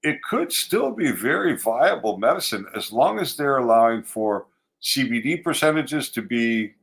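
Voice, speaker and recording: A man's voice: medium pitch, expressive, moderate pace, vocal fry, a bit bright. A man co-hosting a podcast who chats casually, makes dry jokes and reads news items aloud carefully. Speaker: podcast co-host.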